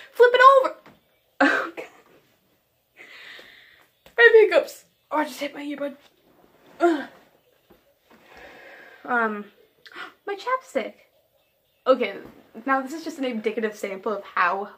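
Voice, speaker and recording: A teenage girl with a fairly high voice talks to her camera in loose, rambling vlog chat. She giggles often, pokes fun at herself and hops from topic to topic. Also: fairly bright tone. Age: teens. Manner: giggly, scattered, self-deprecating. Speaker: vlogger.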